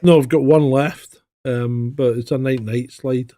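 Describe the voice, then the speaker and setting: A man's voice: medium pitch, a little slow. A man co-hosting a casual podcast, swearing freely and telling stories with animation. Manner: profane, animated storyteller. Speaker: podcast co-host.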